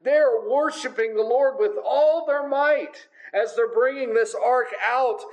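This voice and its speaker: A man's voice: very high-pitched, slow, darkish tone, low-quality recording. A man preaching a sermon in a conversational way, with frequent filler sounds. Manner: conversational, many filler uhs.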